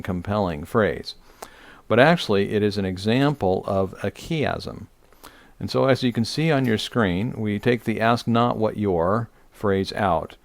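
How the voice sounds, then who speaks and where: A middle-aged rabbi leads an online Bible lesson in a low, gravelly voice. He talks unscripted, with lots of "uh"s and self-corrections. The sound is dry and close, with little room tone. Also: dry recording. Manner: unscripted teaching with many fillers and restarts. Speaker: rabbi teaching Torah study. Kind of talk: online Torah study lesson.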